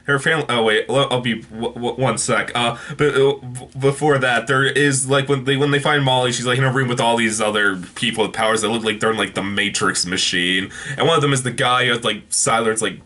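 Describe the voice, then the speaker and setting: A man's voice: mid-range voice, steady tone, brisk, few pauses, bright, forceful tone. A man giving a casual, unscripted TV episode review, rambling with many fillers and restarts.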